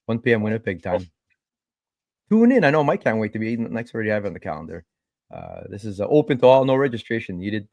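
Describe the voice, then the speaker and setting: An excitable man hosting a casual podcast, swearing freely and calling everyone bro. His pitch leaps up and down as he gets worked up. The sound is close and dry. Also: fast talker, gravelly, no echo. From Canada. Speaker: podcast host. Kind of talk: casual chat.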